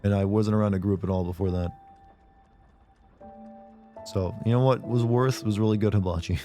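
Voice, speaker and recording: A man streaming a game, chatting casually and joking, his voice hoarse from being sick. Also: lowish voice, steady tone, dark tone, soft background music. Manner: joking, chatty, quick laughs. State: hoarse from illness.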